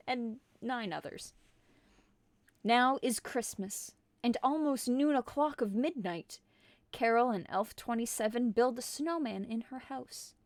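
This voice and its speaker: A woman streamer reading a silly holiday story aloud in a deadpan way. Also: on the high side, no echo. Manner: deadpan, absurd.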